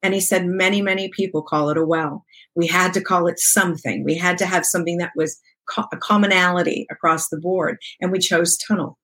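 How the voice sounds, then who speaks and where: Her voice fairly low and her delivery fairly quick with few pauses, a woman in her sixties recounts a personal story as an interview guest. She's expressive and conversational, acting out the dialogue and laughing a lot.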